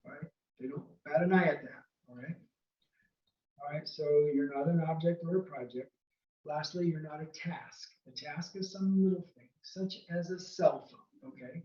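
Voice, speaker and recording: A man's voice: a little high, normal speed, darkish tone, roomy sound, distant mic, muffled recording. A man giving earnest, casual marriage advice from home, often checking in with "okay?". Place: home room near a window.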